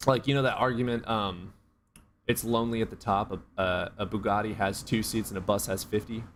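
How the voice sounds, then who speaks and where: A man's voice: on the low side, steady tone, fairly quick, a little hiss or hum. A man casually answering viewers' chat on a live stream, joking and swearing as he rambles.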